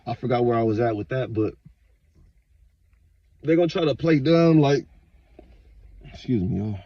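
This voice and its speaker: A man talking straight to his viewers in a casual, profane, rambling rant, with sudden loud outbursts. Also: medium pitch, lively intonation, normal speed, no echo, muffled recording. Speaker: vlogger. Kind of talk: casual monologue to camera.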